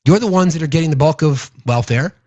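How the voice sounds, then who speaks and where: Male political commentator, slightly high voice, sarcastic, profane rant; dull lo-fi sound. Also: animated, quick pace, darkish tone, dry recording. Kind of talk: casual political rant to viewers.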